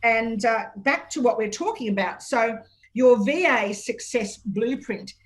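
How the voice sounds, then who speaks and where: A woman with an Australian accent hosting a radio talk show, telling stories in a chatty, frank and lively way. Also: a little high, a little slow. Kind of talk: casual radio interview.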